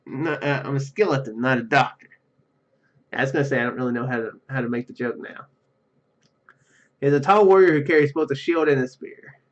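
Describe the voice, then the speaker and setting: A man's voice: mid-range voice, fairly quick, lo-fi sound. A man hosting a let's play, reading game text aloud and joking about himself as he goes. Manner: joking and self-deprecating, laughs at own jokes.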